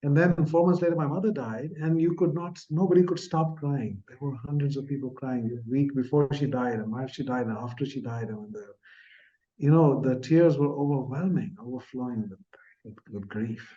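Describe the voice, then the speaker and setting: A man in his sixties from India, a podcast guest telling a personal story in an earnest, soft-spoken way that trails off at the ends of phrases. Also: mid-range voice, normal speed, muffled recording. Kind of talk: reflective storytelling in an interview.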